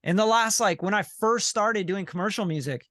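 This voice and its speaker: Blunt high-voiced man coaching bluntly. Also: normal speed, fairly bright tone, no room sound, studio quality. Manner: emphatic, profane, repetitive, says "you know what I'm saying". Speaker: sync licensing coach and group leader. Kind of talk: blunt coaching on a video call. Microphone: video call.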